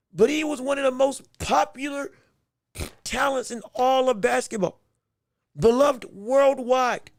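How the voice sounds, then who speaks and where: A very high-pitched, creaky male voice, recorded with studio quality and no echo. He hosts a solo sports commentary podcast, talking casually and animatedly, often repeating words and laughing as he goes.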